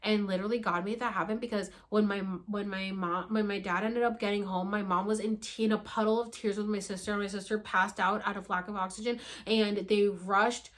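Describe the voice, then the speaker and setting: Animated young woman telling a story. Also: medium pitch, fairly quick, hardly any pauses. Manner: animated, acts out quotes, soft whispers to loud gasps. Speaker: vlogger. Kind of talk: casual storytelling.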